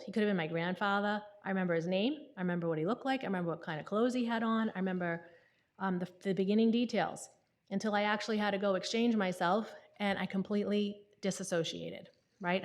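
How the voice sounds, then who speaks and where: A woman, speaking candidly at a conference and often checking in with the audience. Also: medium pitch. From New England. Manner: candid, conversational, often asks "right?". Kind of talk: personal testimony talk.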